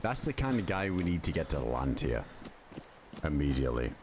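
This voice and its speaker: A low-voiced man on a casual gaming livestream talks a little fast and very animatedly, rambling with lots of filler and swearing casually. Constant background noise runs throughout.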